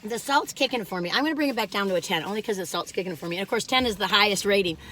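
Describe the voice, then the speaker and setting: An older woman hosting a casual cookie taste-test vlog, rambling in a folksy way and breaking into excited laughs and squeals. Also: medium pitch, rapid-fire. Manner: folksy, rambling, warm-hearted chatter with "you all". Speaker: food vlogger.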